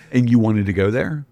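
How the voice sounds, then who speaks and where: A man hosting an interview, prompting his guest with short questions and quick acknowledgments. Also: lowish voice, warm tone, dry recording, lo-fi sound. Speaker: host. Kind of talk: conversational interview.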